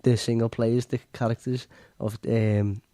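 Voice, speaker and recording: Brief: male guest, mellow tone, dry close sound, unhurried and plain. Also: mid-range voice, level tone, no echo. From Merseyside, England. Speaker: guest, boxer. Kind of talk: casual interview answers.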